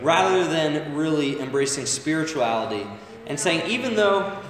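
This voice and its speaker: A man's voice: a little high, animated, moderate pace, distant mic. Man preaching in an echoey hall. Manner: conversational, asks the crowd "right?" often. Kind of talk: sermon. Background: congregation calling back.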